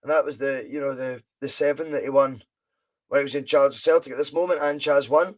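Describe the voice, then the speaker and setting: A man's voice: medium pitch, steady tone, a little fast. A Scottish man hosting a live football watch-along podcast, chatting in a rambling way and reading viewer comments aloud. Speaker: podcast host.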